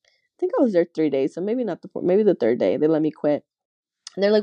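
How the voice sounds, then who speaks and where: A young woman tells a personal story in casual chat, candid and animated, sprinkling her talk with "like." Her voice sits at a middle pitch and sounds mellow and warm. The recording is close and dry. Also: quick pace, no echo, lo-fi sound. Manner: candid storytelling, acts out quoted voices, frequent "like". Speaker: podcast guest.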